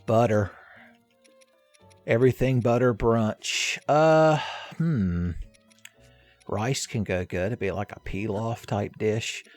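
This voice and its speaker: A man's voice: on the low side, takes it slowly, long pauses, no room sound, faint music behind. A man hosting a let's play, rambling through casual game commentary with jokey, crude humor.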